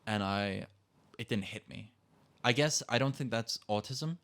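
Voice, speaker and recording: A man's voice: lowish voice, measured pace, fairly bright tone, smooth. A teenage man, a podcast guest, telling candid, emotional stories in casual chat and swearing freely. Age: teens.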